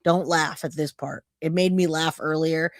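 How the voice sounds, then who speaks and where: A woman's voice: deep voice, fairly even intonation, moderate pace, no echo, clean studio sound. A woman hosting a true crime livestream, chatting casually, laughing and thanking viewers by name. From California.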